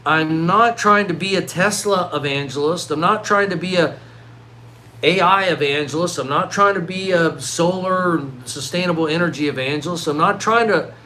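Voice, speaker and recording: A man's voice: a little high, a little hiss or hum. A middle-aged man delivering a worked-up vlog rant, full of restarts and repeated words. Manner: animated, worked-up ranting with many restarts. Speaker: vlogger. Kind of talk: ranting vlog monologue.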